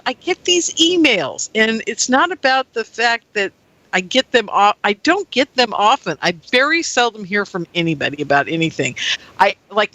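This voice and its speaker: Radio host lady rambling on her show, laughs a lot, bright voice, dry close mic. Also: mid-range voice, no room sound, low-quality recording. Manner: rambling, animated, laughs often. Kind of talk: casual personal monologue.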